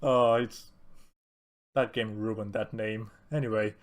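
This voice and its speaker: A man co-hosting a casual film podcast, animated and quick to laugh, often acting out lines from the film. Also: lowish voice. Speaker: podcast co-host. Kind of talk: casual film discussion chat.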